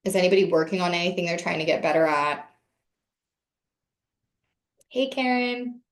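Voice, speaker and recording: A woman leading a casual group session over a video call, chatty and frank, with a few swear words. Her voice sits a little low. The sound is roomy, picked up by a computer mic. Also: fairly even intonation, rapid-fire. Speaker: wellness session leader.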